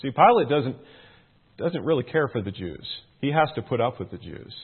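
A man's voice: medium pitch, big pitch swings, normal speed, slightly rough. A middle-aged man teaching through a Bible passage, earnest, his emphasis rising on questions. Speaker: preacher. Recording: tinny phone-like band.

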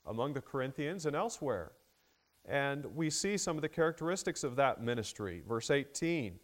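A man preaching an expository sermon, measured and deliberate, with frequent fillers and rising emphasis on key words. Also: a little high.

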